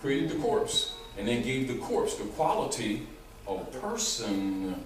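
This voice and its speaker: A man giving an animated, rambling informal lecture to a small group, restarting his sentences as he goes. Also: mid-range voice, a little slow. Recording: echoey room, mic far off, faint noise.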